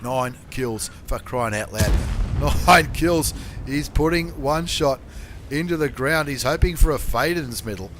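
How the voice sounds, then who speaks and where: A man hosting a game channel, commentating replays in a chatty, slangy way and bursting into excited shouts and swearing. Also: medium pitch, measured pace, noisy background.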